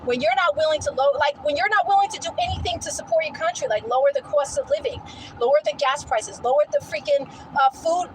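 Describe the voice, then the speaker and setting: A woman vlogging in a casual storytelling rant, animated and incredulous, often breaking into laughter. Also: high-pitched, fast, background noise.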